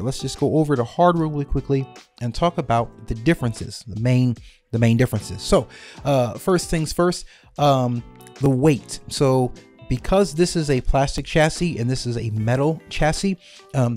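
Man, mellow voice, casual keyboard review, faint music behind. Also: mid-range voice. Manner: conversational, repeats figures for emphasis. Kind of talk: product comparison walkthrough.

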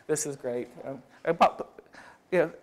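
A man's voice: fairly high pitch, unhurried. A man giving an academic lecture at a summer school, thinking aloud with frequent restarts and speeding through quoted passages.

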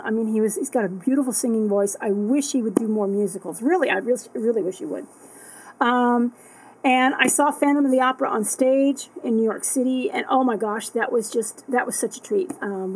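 Rambling lady vlogger talking to her camera at night, high and a bit husky, lots of ums. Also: low-quality recording. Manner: chatty, rambling, many fillers and restarts. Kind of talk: casual rambling monologue to camera. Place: indoors at home at night. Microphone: camera that tracks her.

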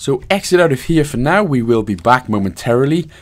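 A man's voice: mid-range voice, lively intonation, brisk. A Welsh man narrating a casual game walkthrough voice-over, giving steps with jokey, self-mocking asides. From Wales.

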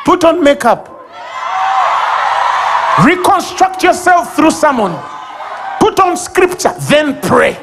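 A man with a Ugandan English accent preaching a sermon at a church service, animated, acting out sobs and baby babble and shouting key lines. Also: extremely high pitch, slow, long pauses, music in the background, crowd noise.

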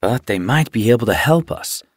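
A man's voice: medium pitch, expressive, normal speed, dry recording, clean studio sound, close to an everyday voice. A man voicing a friendly, eager young house tomcat in an audiobook, speaking cheerfully.

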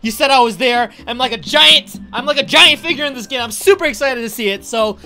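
A man hosting a gaming video, hyped and joking with loud bursts of excitement. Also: very high voice, brisk. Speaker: gaming YouTuber host. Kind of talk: excited let's-play commentary.

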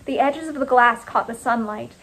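A woman's voice: fairly high pitch, a bit bright, breathy edge, poor audio. Woman reading her own story, clipped. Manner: clipped, deliberate delivery. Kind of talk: first-person story reading.

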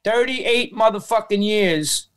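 A middle-aged man with a New York accent speaks as a podcast guest, blunt and quick to swear. His voice sits fairly high, and it comes through smooth and clear. He tells a heavy personal story. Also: a bit bright. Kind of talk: casual interview storytelling.

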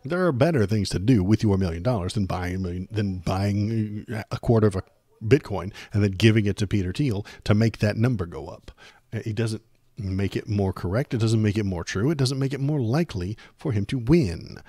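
A man with a low voice hosts a casual political commentary stream. He sounds sarcastic and exasperated and hammers his points home by repeating them. The recording is close and dry. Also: normal speed, dark tone, no room sound. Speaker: streamer host.

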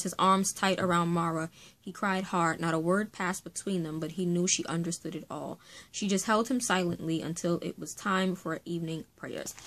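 A woman's voice: on the low side, fairly bright tone. A woman vlogging about a book she is reading, chatty and enthusiastic with lots of fillers. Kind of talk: casual reading vlog chat.

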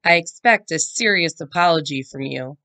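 A woman voicing a stern mother who scolds in a sharp, firm voice. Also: low voice, expressive, moderate pace, full character voice. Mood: scolding.

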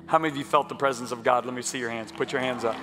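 A man's voice: medium pitch, fairly even intonation, rapid-fire. A man preaching as a guest speaker, fervent and exhorting, leading a healing prayer and talking to the crowd. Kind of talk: sermon with healing prayer and book talk. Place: large church sanctuary. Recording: long hall reverb, faint music.

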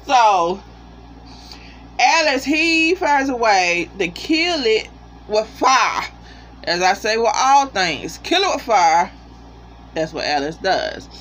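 Casual episode reviewer, mid-pitched, animated and profane, addressing viewers directly. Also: slow pace, long pauses.

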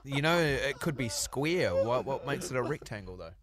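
A man's voice: mid-range voice, expressive, normal speed, a crowd in the background. A man hosting morning radio, teasing and laughing easily. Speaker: radio host. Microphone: studio microphone.

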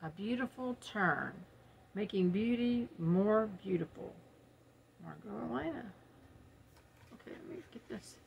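A woman's voice: medium pitch, animated, measured pace, creaky, pauses often, lo-fi sound, a little hiss or hum. A middle-aged woman, chatting casually and giggling as she unboxes products at home for her viewers. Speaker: unboxing vlogger. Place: home, early morning.

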